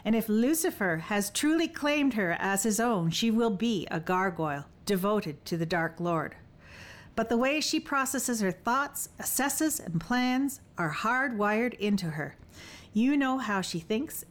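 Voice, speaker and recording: A woman's voice: medium pitch, animated, a little slow, close to an everyday voice. A woman reading as a fierce, teasing young warrior woman. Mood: determined. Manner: archaic, bold and playful. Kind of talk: audiobook dialogue.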